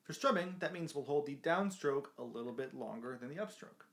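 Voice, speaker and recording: A man's voice: mid-range voice, lively intonation, fairly quick, a bit bright. A man teaching a beginner ukulele lesson, explaining patiently and counting beats aloud while he strums. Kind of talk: music lesson. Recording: ukulele playing behind voice.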